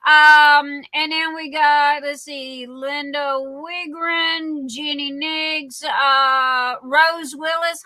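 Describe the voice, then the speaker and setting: In a close, dry recording with no room sound, a high-pitched woman with a Southern accent hosts a casual livestream chat. Her delivery is slow, bright, and steady, and she rambles chattily while calling viewers darling.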